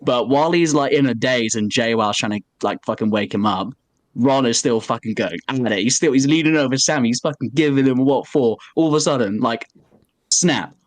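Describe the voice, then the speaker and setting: A man's voice: medium pitch, brisk, dry recording. Swearing man telling a story. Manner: animated storytelling, heavy swearing, many "like" fillers. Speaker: podcast co-host. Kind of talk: casual chat.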